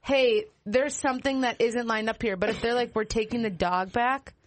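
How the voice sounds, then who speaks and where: A woman's voice: fairly high pitch, fairly even intonation, moderate pace. A woman, a teacher, co-hosting a casual family podcast and telling stories with animation.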